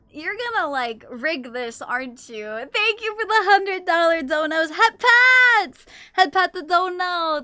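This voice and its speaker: High, bright-voiced woman streamer. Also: dry recording. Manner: chatty, playful, reads chat aloud, swears casually. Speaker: livestreamer. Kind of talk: casual livestream chat.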